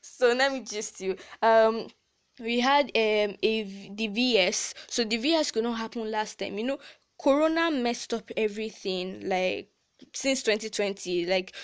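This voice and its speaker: A woman's voice: medium pitch, clear, resonant tone. Teenage girl, Nigerian accent, podcast host, casual chat, chatty and heartfelt, lots of fillers. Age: teens. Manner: chatty and emotional, frequent "like" fillers and laughs.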